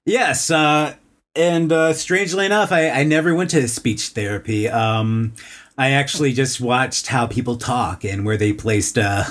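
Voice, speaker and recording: A man's voice: mid-range voice, a bit bright. Young guy from texas chatting on a podcast, lots of ums and restarts. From Dallas, Texas. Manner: halting, many fillers and restarts. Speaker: guest voice actor. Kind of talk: casual podcast chat.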